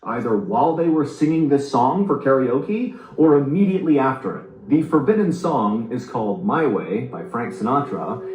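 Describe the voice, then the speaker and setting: A man's voice: mid-range voice, lively intonation, moderate pace, hardly any pauses, a little mellow, reverberant, poor audio. A man narrating a true story in a scripted storytelling style, building suspense. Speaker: narrator of the reacted video.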